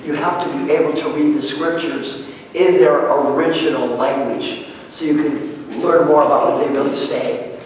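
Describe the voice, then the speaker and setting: A woman pastor with a deep voice preaches a sermon in a church sanctuary, telling stories conversationally and asking the congregation questions. The recording is echoey and far from the mic, with a little hiss or hum.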